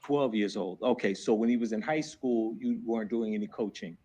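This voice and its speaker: A man with a New Jersey accent questioning a witness in a courtroom, hurried and friendly. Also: lowish voice, warm tone, breathy edge. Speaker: defense attorney.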